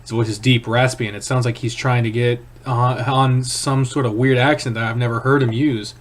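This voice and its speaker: A man reading a visual novel aloud in first person, with a hushed, tense, dramatic delivery. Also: medium pitch, level tone, normal speed. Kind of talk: first-person story narration.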